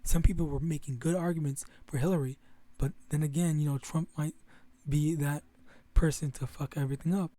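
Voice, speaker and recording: Rambling young man, mellow voice. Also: fairly high pitch, fairly even intonation, brisk, hardly any pauses, dry recording. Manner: rambling, many restarts and fillers, profanity. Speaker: religious vlogger. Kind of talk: casual monologue to camera.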